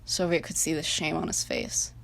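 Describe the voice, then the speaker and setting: A woman narrating a fan-made story in a calm, even reading voice. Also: low-pitched, normal speed, gravelly. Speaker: reader of her own fan fiction.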